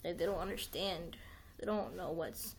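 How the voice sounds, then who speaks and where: A woman's voice: on the low side, steady tone, moderate pace, noisy background. A young adult woman hosting a livestream, chatting casually in a rambling way, full of "like" and restarts, with some swearing. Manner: rambling, heavy use of "like", frequent restarts, swears. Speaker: livestream host.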